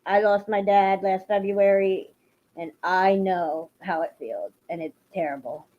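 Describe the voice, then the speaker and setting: Speaking with a steady tone in a mid-range voice, a little slowly, a female livestream host addresses her viewers emotionally and swings into heated rants on her casual stream. The sound is lo-fi livestream audio.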